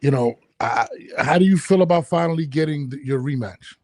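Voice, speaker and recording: A man's voice: fairly high pitch, brisk, darkish tone, dry recording, studio quality. A man hosting a casual podcast interview, talking loosely with many restarts and fillers. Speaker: podcast host. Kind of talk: casual video-call interview.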